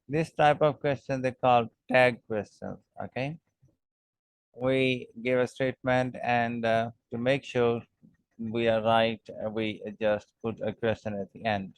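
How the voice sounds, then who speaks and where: A man at middle pitch teaching an English lesson, moving very slowly and deliberately through example sentences. He fills his pauses with "uh" and checks in with "okay?". The sound is dry and close, with no room echo. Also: fairly even intonation, clean tone.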